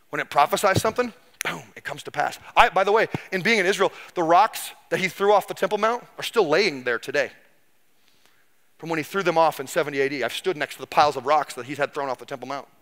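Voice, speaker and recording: A middle-aged man preaching a sermon as pastor, telling history as a lively story and acting out the people he quotes. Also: on the high side, fast talker.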